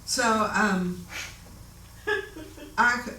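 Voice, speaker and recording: A woman telling a story from her own life in a casual, animated way, often laughing and acting out the voices of the people in it. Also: mid-range voice, very slow, slight background noise. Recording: echoey room, voice a bit distant.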